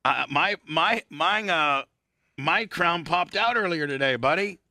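Man, sharp bright tone, dry close sound, teasing banter. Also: a little high, unhurried, no room sound. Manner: teasing, calming. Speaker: radio show co-host. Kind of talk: casual on-air banter.

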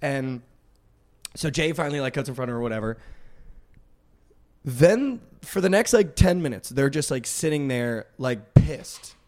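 A young man co-hosting a podcast, telling a story in casual chat, animated and full of "like" and "dude". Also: mid-range voice, moderate pace. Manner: animated, heavy use of "like" and "dude", acts out quotes. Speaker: podcast co-host.

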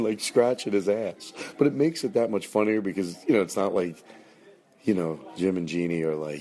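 A middle-aged man hosting a podcast, rambling casually and jokingly, and slipping into high mocking voices when he acts out bits. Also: darkish tone. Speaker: podcast host.

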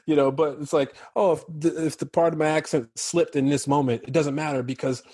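An American actor chatting in a relaxed interview, his husky voice close and dry. He tells stories easily and laughs often along the way. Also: on the high side, a little fast, no echo. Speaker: actor guest. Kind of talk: casual interview chat.

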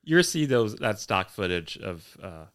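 Smooth-voiced wry man podcast host. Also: lowish voice, big pitch swings, unhurried, a bit bright, no echo, clean studio sound. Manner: wry, plays up the jokes. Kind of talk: casual chat.

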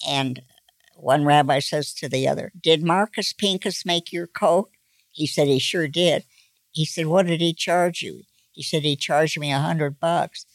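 A woman in her nineties, a grandmother slowly telling old jokes in a folksy, casual way. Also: low-pitched, no room sound. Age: 90s. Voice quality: creaky. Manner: slow, folksy joke delivery with voiced characters.

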